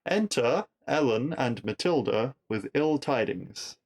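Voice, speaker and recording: A man's voice: mid-range voice, expressive, takes it slowly, darkish tone. A man hosting a podcast, casually recapping a TV episode with wry asides and rhetorical questions.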